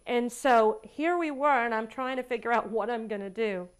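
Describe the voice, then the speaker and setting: A woman counselor telling a story from a session in a lecture, with animated, emphatic repetition and acting out both sides of the dialogue. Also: on the high side, moderate pace, smooth.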